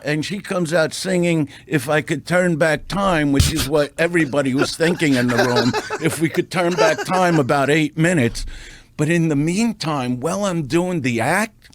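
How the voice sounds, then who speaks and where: Speaking into a close studio mic, a comedian on a podcast delivers a showbiz anecdote brashly and profanely, animated as he builds to punchlines. His voice is a little high, with no room sound.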